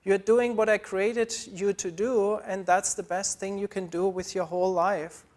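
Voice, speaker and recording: A man's voice: high voice, little pitch movement, unhurried, a little mellow. Earnest man preaching a sermon. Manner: earnest, pleading, repeats phrases. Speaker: pastor.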